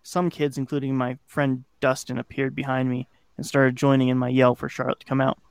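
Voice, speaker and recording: A man's voice: mid-range voice, completely flat delivery, a little fast, gravelly, clean tone, no room sound. A man hosting a podcast, casually narrating a scary childhood story and swearing now and then. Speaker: podcast host.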